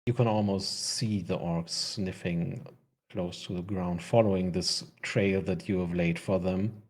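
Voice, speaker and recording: A man's voice: sits low, steady tone, a little slow, darkish tone, slightly rough. A man narrating a tabletop fantasy game as game master, often laughing as he describes the scene.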